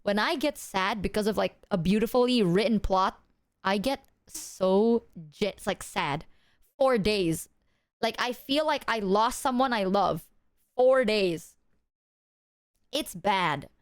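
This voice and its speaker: A woman streamer telling stories to her chat in a lively, profane, chatty way. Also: medium pitch, takes it slowly, clean tone, dry recording, studio quality. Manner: animated, profane storytelling, talks to chat. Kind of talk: casual livestream chat.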